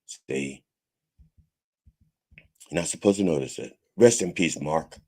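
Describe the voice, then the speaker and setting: A man's voice: low voice, lively intonation, unhurried. A man hosting a comedic church-style podcast, rambling and swearing with preacher mannerisms. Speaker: host of a mock church podcast. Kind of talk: casual comedic sermon-style talk.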